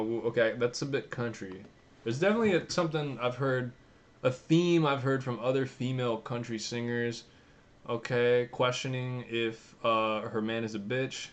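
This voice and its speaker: Young male vlogger, mid-pitched, casual and profane, thinks aloud as he clicks around. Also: moderate pace. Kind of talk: casual commentary while browsing the web.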